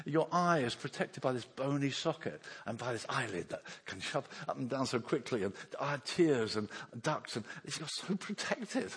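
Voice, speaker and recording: A man preaches with an animated, swooping delivery, his voice a touch husky. He slips into the voices of the people in his Bible story and chuckles often. The sound carries a long reverb from a church hall. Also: mid-range voice, fairly quick, few pauses. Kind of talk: sermon.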